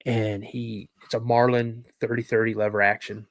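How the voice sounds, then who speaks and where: A man's voice: lowish voice, moderate pace, no echo. Man telling a story, dry close sound. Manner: lively storyteller, repeats words for emphasis. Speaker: podcast guest. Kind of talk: recounting a personal encounter story.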